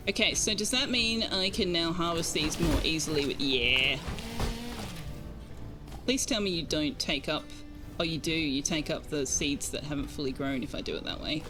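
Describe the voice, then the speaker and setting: A woman's voice: deep voice, moderate pace, over music. An Australian woman streaming a game, chatting casually with her viewers and enunciating carefully. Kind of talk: casual gaming stream chat.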